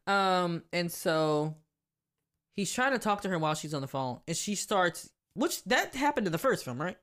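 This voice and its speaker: A woman co-hosting a podcast in casual chat, animated and frank, laughing often and speaking. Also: fairly low pitch, normal speed. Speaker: podcast co-host.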